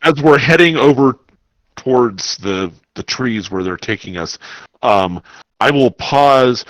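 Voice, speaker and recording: A man in a tabletop game describes what his character does. He talks slowly and draws out his phrases. The sound is dry, with no room echo. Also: mid-range voice, animated, fairly bright tone. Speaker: player.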